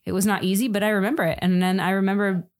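A middle-aged woman co-hosting a casual faith-based parenting chat, telling stories in an animated, self-deprecating way. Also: medium pitch, racing. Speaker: podcast co-host.

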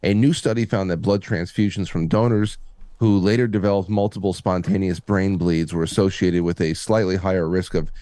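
A man co-hosting a podcast in casual chat, reading articles aloud with halting restarts. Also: deep voice, fairly even intonation, mellow, no room sound. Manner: halting, repeats words, reads articles aloud. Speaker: podcast co-host.

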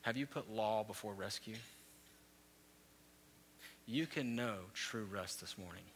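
A man in his thirties preaching a sermon, telling stories with rising, animated peaks. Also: lowish voice, a little slow, slight background noise. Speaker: pastor. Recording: long hall reverb.

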